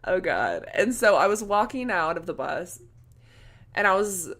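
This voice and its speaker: A young woman vlogging in an excited, gushing rush, peppering her story with "like" and the odd swear. Her voice sits at an ordinary middle pitch for a woman, and she talks to camera in a loose, chatty storytelling way. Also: normal speed.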